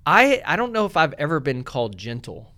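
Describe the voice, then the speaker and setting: A man's voice: on the high side, big pitch swings, brisk, sharp tone. A man co-hosting a casual faith podcast, earnest and self-deprecating, laughing often as he talks. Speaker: podcast co-host.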